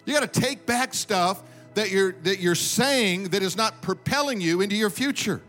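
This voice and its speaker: A man preaching from the pulpit in a high, ringing voice, driving his points home and calling for amens from the church. Faint music plays quietly beneath his sermon. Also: animated, normal speed. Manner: emphatic preaching, calls for amens. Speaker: pastor. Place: church sanctuary with congregation.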